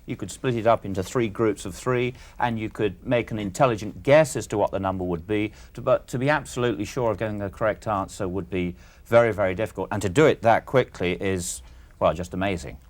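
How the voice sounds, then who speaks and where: A man, a teacher, putting questions in an interview, measured, careful and a little hesitant. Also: fairly low pitch.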